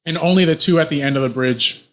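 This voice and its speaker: A man's voice: on the high side, quick pace, fairly bright tone. A man running a tabletop game as game master, describing the action vividly with frequent restarts.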